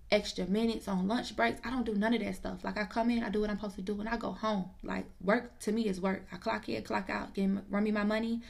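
A woman with a gravelly, fry-edged voice tells a personal story. She talks in a relaxed, slangy way and speaks straight to the listener as if to a friend. Her pitch sits in the middle range. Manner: lively, slangy, confiding, addresses the listener directly. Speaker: storyteller recounting her own experience.

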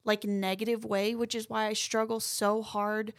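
A woman's voice: medium pitch, level tone, normal speed, no room sound. Young woman, reflective co-host, says like a lot, dry close recording. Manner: reflective, with many fillers like "like". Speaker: podcast co-host. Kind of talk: casual faith chat.

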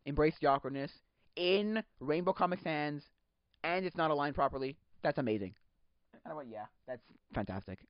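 Rambling, excitable podcast host man. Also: a little high, normal speed, no echo. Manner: rambling, excitable, laughs often, acts out quotes. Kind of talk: casual solo chat. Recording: dull lo-fi sound.

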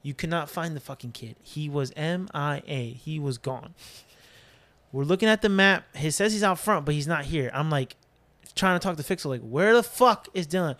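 A man casually telling a long story on a podcast, animated, swearing freely and acting out his friends' voices. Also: fairly high pitch, normal speed. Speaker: podcast co-host.

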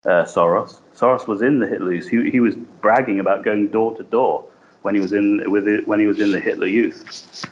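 Lower male co-host, rambling and hesitant, muffled lo-fi line with faint hiss. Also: steady tone, moderate pace. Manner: rambling, hesitant, many fillers. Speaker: podcast co-host. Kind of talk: casual podcast chat.

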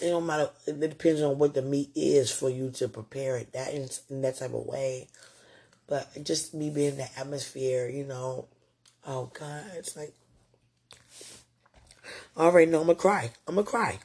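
Male vlogger, husky and breathy, tender and rambling, late-night heartfelt faith talk. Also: medium pitch, mellow. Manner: rambling and tender, full of "you know".

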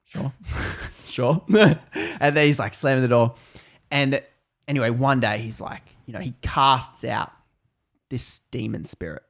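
A man tells a story in a loose, chatty way. He is animated and full of fillers, and he acts out the characters' lines. His voice sits at a middle pitch. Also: unhurried, vocal fry. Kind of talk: casual storytelling.

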